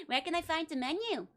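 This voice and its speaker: A woman with a Dutch accent chatting playfully with her livestream viewers, giggling often between lines. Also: extremely high pitch. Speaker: virtual streamer. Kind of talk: casual livestream chat with viewers.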